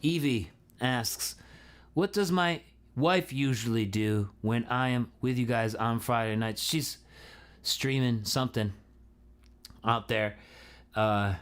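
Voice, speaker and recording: A man's voice: mid-range voice, slow. Laid-back male singer chatting on stream. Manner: laid-back, chatty, laughs often, greets viewers loudly. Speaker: singer hosting a live stream. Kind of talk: casual live-stream chat with viewers.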